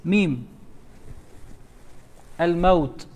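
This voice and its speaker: Imam quizzing a tajweed class. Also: male voice, fairly high pitch, darkish tone, slight background noise. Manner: quizzes students letter by letter, drawn-out recitation of words. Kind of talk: classroom teaching.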